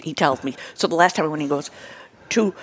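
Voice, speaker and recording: A woman's voice: deep voice, slightly rough. A woman comedian who is a guest on a podcast, telling jokes with punchy delivery in casual chat. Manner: punchy joke delivery, quick to laugh.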